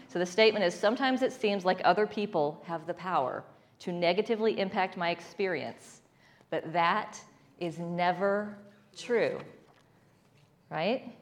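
A woman leading a spiritual talk with a congregation, telling stories playfully and laughing often. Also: mid-range voice. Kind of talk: spiritual talk with call-and-response.

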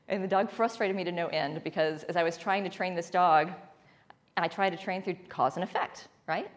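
A woman leading a spiritual talk with a congregation, telling stories playfully and laughing often. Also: lowish voice. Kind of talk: spiritual talk with call-and-response.

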